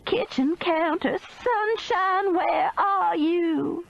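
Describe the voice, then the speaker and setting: Female narrator as older foul-mouthed granny, shrill and screechy, slow lively delivery. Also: lo-fi sound, exaggerated voice. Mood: frantic. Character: older profane Southern trailer-park grandmother.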